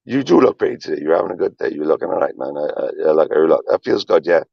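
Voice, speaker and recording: A man's voice: extremely low pitch, animated, fast, no room sound. A man livestreaming, talking in a rambling, emphatic confessional way with frequent swearing and repetition. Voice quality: gravelly, husky. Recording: dull lo-fi stream audio.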